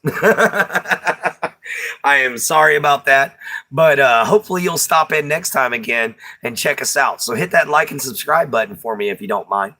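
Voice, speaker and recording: A man from Texas speaks at medium pitch with a sharp tone while hosting a livestream. He reads viewer comments in casual chat, laughing often, his Texan accent full of Southern slang.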